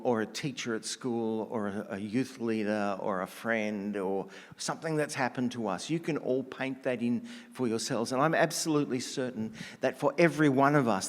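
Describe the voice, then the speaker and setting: A man preaching a conversational sermon, telling stories in a relaxed, casual way with slang and frequent restarts. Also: medium pitch, in a large hall.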